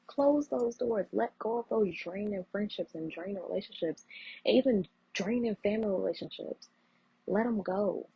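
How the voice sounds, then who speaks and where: A woman's voice: a little high, husky, dry recording. A woman in her thirties hosting her own podcast, speaking earnestly and preaching encouragement, with a habit of repeating phrases for emphasis. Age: 30s. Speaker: podcast host. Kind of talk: heartfelt solo podcast talk. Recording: muffled lo-fi audio.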